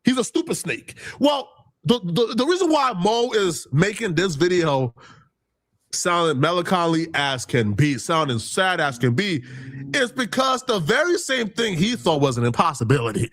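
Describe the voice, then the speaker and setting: A man commenting in an online video, telling the story emphatically and acting out quotes with sudden jumps in pitch. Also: big pitch swings, normal speed, a bit bright, no room sound, clean studio sound. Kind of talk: commentary video played on stream.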